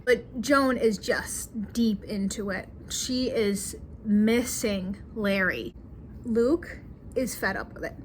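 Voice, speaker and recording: A woman's voice: mid-range voice, takes it slowly, slight background noise. A woman chattily recapping a movie, acting out the characters' lines with drama. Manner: chatty, dramatic retelling with acted quotes. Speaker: movie reviewer.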